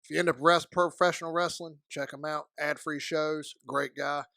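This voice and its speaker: A man's voice: a little high, steady tone, moderate pace, gravelly, sharp tone, no room sound, studio quality. A man, a guest in a casual interview, telling stories while eating. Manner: chatty storyteller, talks while eating.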